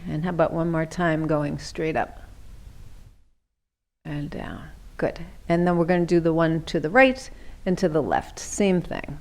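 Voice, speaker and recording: A middle-aged woman leading a seated yoga class, giving gentle, chatty cues and often checking in with "right?". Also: low-pitched, fairly even intonation, moderate pace. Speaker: chair yoga instructor.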